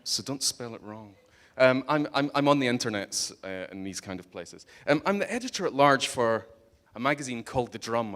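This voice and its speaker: A man's voice: medium pitch, animated, normal speed, fairly bright tone. A man with a Scottish accent giving a humorous conference talk, joking and teasing the audience bluntly. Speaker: conference speaker. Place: conference hall stage.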